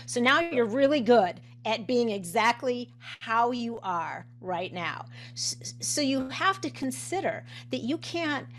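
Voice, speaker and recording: A coach and nutritionist chats casually, with frequent fillers, restarts and laughter. Her voice is fairly high with lively intonation, a little slow yet with hardly any pauses.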